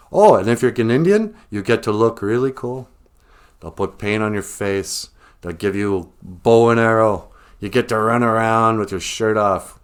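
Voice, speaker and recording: A man giving a mock-serious, deadpan satirical monologue. His voice is on the low side, and he talks slowly and deliberately, with pauses. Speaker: comedian vlogger.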